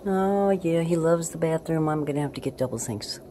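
A woman filming a casual night-time video diary in her apartment, swinging between low murmurs and cooing talk to her cat. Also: fairly quick, warm tone, a little hiss or hum. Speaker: vlogger.

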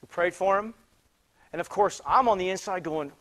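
High-voiced man preaching with restarts. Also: moderate pace. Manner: animated, many restarts, rising to loud exclamations. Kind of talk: sermon storytelling. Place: church sanctuary.

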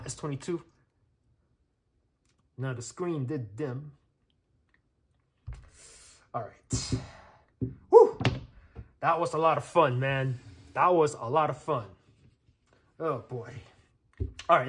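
A man's voice: medium pitch, fairly bright tone. Chatty man demoing gadgets on camera. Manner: chatty, thinks aloud, lots of fillers and checks. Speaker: tech reviewer. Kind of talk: casual hands-on demo commentary.

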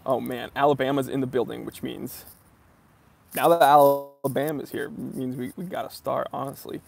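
A man's voice: mid-range voice, level tone, a little fast, vocal fry. Upbeat man greeting live-stream viewers. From New England. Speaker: watch vlogger hosting a live stream. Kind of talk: casual live-stream chat. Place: outdoors outside a library on a cool morning.

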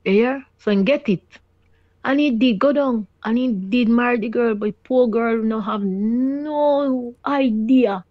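A middle-aged Jamaican woman pours out her story in patois, animated and full of exclamations as she quotes what others said. The sound is dry and a little dull. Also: fairly high pitch, unhurried, dry recording. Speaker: caller sharing her story.

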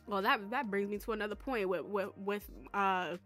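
A young woman vlogging casually about a life-simulation game, excitable and rambling, with lots of fillers. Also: medium pitch, moderate pace, faint music behind. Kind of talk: casual chat.

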